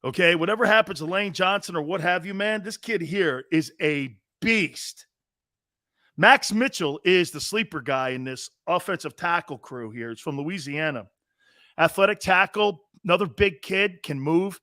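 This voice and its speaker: A man's voice: high voice, expressive, normal speed, bright, forceful tone, dry recording, clean studio sound. A man in his fifties hosting a sports talk show, ranting in a brash, mocking and profane way.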